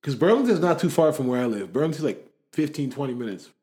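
A young man from the area, telling stories in a slangy, animated way during a casual chat. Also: medium pitch, fast talker. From Toronto area, Canada.

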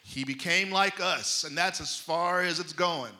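A man delivering a sermon, his high voice pressing each point home with emphasis. The tone is very bright and cutting, and the delivery stays loose and conversational. He talks straight to the congregation, like a pastor in mid-message. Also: normal speed, few pauses. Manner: emphatic preaching, folksy and conversational.

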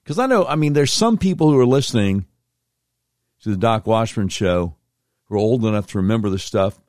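A man's voice: lowish voice, expressive, brisk, a little mellow, no echo, clean studio sound. A middle-aged man hosting a talk radio show, commenting with emphatic, incredulous asides.

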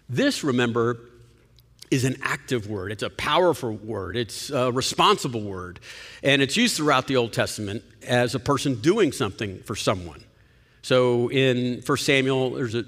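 Animated male preacher in a reverberant hall. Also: mid-range voice. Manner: animated preaching, voice rising and dropping for emphasis. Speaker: pastor. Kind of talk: sermon. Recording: long reverb of a large hall.

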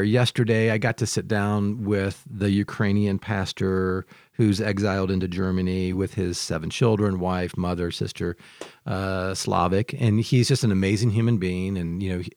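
Joking host, low voice. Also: male voice, normal speed, dry recording, clean studio sound. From Michigan, United States. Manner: lively, joking storyteller. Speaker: podcast host. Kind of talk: casual conversation.

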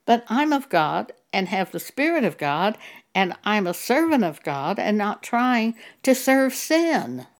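Older woman preacher, slow measured delivery, gravelly edge, sermon testimony. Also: medium pitch, very animated.

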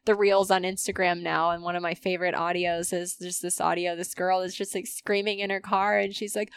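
A woman chatting casually on a podcast, animated and quick to laugh, swearing freely and using many fillers. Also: fairly low pitch, smooth, no echo, clean studio sound. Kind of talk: casual chat.

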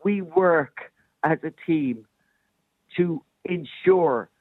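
A woman's voice: deep voice, very slow, husky, dry recording. A woman calling in to a radio show, a special needs assistant speaking passionately and insistently. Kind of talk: phoned-in radio debate. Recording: tinny phone line.

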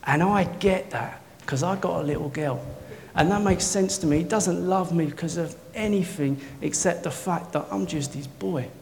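Excitable preacher in echoey hall. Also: male voice, on the high side, normal speed, vocal fry, few pauses. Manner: excitable storytelling, swinging from soft to loud. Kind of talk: sermon. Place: church hall. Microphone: worn mic. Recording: echoey hall, faint noise.

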